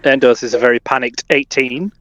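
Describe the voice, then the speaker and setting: A player at a tabletop game talking in an excitable, animated way. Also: medium pitch, brisk, no echo, dull audio. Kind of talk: tabletop role-play chat.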